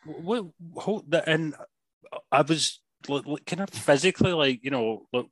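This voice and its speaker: A man's voice: on the high side, normal speed, no echo. A Scottish man co-hosting a casual film review chat, blunt and sweary, often restarting his sentences. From Scotland. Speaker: film podcast co-host.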